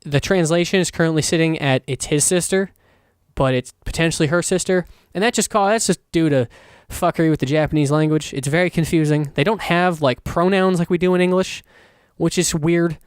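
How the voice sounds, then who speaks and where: Guy rambling on his podcast, swears a lot, gets all worked up, kinda high voice, smooth and dry. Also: a little fast, dry recording. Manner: rambling, profane, excitable. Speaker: podcast host. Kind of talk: casual solo podcast rambling.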